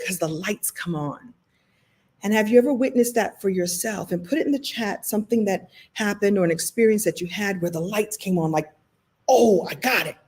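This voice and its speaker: A woman from Brooklyn, New York, speaks on a motivational livestream as a speaker and coach. She tells stories in an emotional, animated way and laughs often, and her voice is lowish.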